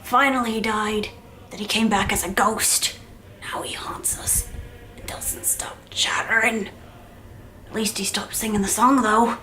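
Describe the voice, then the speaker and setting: A woman's voice: medium pitch, steady tone, measured pace, bright, forceful tone, rough recording. A young woman hosting an art channel, talking in a playful pirate voice in whispered role-play.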